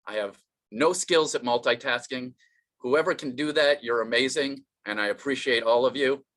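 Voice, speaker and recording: A man's voice: medium pitch, normal speed, fairly bright tone. A man doing an online stand-up comedy set, rambling and self-deprecating, with many fillers and restarts.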